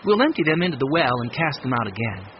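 A man reading an audiobook, voicing a kind, steady fisherwoman with a lifted voice. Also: medium pitch, fast talker, muffled recording, a little hiss or hum, close to an everyday voice. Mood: caring.

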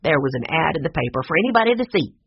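A cranky old bookseller snaps and barks at children as a storybook narrator puts him on. The voice is husky and swings in pitch. The recording sounds dull and lo-fi. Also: expressive, fairly quick, no echo. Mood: gruff. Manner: curt, snapping, loud bursts. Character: grumpy gruff old male bookseller.

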